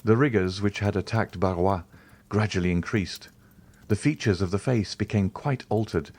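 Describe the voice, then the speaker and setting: A man reading a classic novel aloud in a measured, even scripted narration. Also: lowish voice. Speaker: audiobook narrator.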